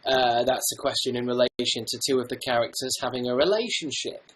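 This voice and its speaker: A man's voice: medium pitch, brisk, a bit bright, poor audio. A young man hosting a casual livestream from home. He reads out viewer comments and rambles through self-mocking jokes. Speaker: livestream host.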